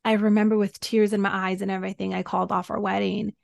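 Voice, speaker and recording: Gravelly-voiced woman telling her story. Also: mid-range voice, level tone, fast talker, no echo. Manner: earnest, emotional, recounting a hard time. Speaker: guest, women's soul embodiment coach. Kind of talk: personal storytelling in a podcast interview.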